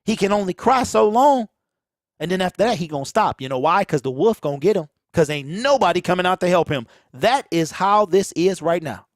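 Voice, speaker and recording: A man's voice: sits high, lively intonation, a little fast, dry recording. A man hosting a sports talk show with a Michigan accent, ranting in casual commentary, preachy and repeating phrases for emphasis, on a close mic that pops. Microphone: close mic, pops on plosives.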